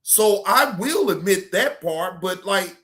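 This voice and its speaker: A man's voice: high voice, slow pace. A man hosting a reaction stream, commenting bluntly and profanely and scolding the people in the clip. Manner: animated, shouting at times.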